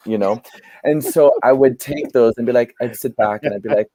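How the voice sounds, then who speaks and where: A man, a guest playwright and performer, telling animated stories in an interview and laughing often. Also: medium pitch, fairly quick, no room sound. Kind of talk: storytelling in an interview.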